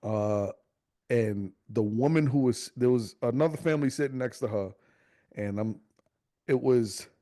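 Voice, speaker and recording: A man's voice: a little slow, no room sound, studio quality. A young adult man on a podcast telling a family story casually, swearing freely and acting out the voices of the people in it. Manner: animated storyteller, acts out quotes in high voices, swears freely. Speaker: podcast co-host.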